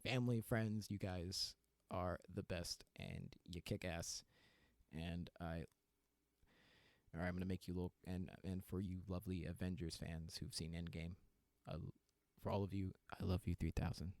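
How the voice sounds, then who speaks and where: A man's voice: sits low, steady tone, moderate pace, darkish tone, no echo. A young adult man hosting his own podcast, talking candidly and with self-deprecating humor in a solo rant, often breaking into laughter. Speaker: podcast host.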